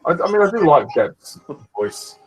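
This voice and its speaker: A man's voice: fairly high pitch, very animated, moderate pace, slightly rough, low-quality recording. A man chatting casually through a fan film commentary, easygoing and rambling, often laughing between remarks. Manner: easygoing, rambling, many fillers.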